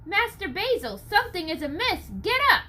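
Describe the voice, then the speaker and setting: A woman's voice: very high-pitched, sing-song, normal speed, bright, forceful tone, voice pushed up, heavily acted. A woman voicing an alarmed young apprentice boy calling out in a storybook reading. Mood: urgent.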